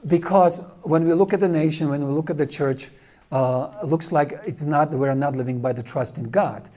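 A man from Czechoslovakia, teaching a class and telling animated stories that he laughs through. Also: a little high, moderate pace. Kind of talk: storytelling lecture.

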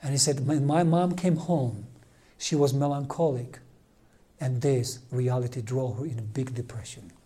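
A man with preaching a sermon, telling a story with dramatic swings between loud emphasis and hushed near-whispers. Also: medium pitch, normal speed, husky.

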